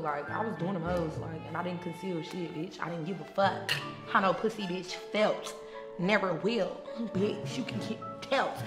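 Brash, foul-mouthed woman, loose unscripted tell-all, frequent laughs, roomy echo. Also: medium pitch. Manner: brash and profane, laughs often. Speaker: reality TV personality looking back on her show. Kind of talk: casual unscripted monologue. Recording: echoey room with music underneath. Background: music.

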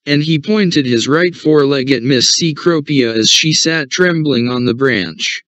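A man narrating a short story for English learners in an even, measured reading. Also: a little high, dry recording. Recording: dull, dry recording.

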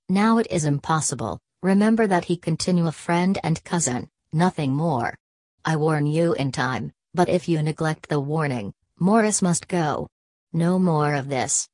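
A woman voicing a stern aristocratic mother who speaks in a cool, measured, commanding way. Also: deep voice, darkish tone, no room sound.

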